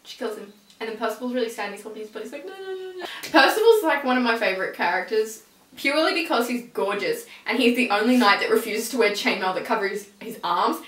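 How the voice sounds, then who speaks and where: A young woman casually retelling a TV episode in an excitable, rambling way, full of "like"s. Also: fairly high pitch, fast talker. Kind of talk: casual chat. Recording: echoey room, a bit far from the mic.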